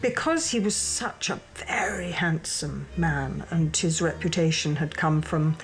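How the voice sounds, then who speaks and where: A woman actor recalling past theatre days in a measured way. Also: sits low, animated. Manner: measured, recollecting.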